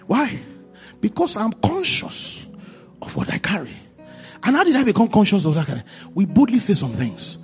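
Male preacher, gravelly, lively pitch swings, builds to shouts over soft music. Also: normal speed. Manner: preaching with rising shouted declarations. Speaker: pastor. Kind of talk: sermon.

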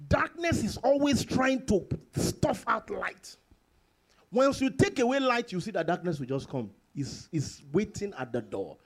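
A man preaching a sermon with a high voice that leaps all over the place. He reads scripture slowly and emphatically, then swings from loud exclamations to hushed, drawn-out lines, as a pastor does in church. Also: big pitch swings, husky. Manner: slow, emphatic scripture reading.

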